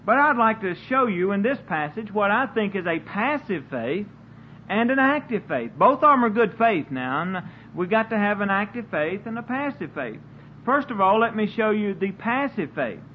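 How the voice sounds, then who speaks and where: A man's voice: high voice, sing-song, moderate pace. A man preaching a sermon in an earnest way, often stumbling and repeating words as he searches for them. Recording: dull lo-fi recording with faint hiss.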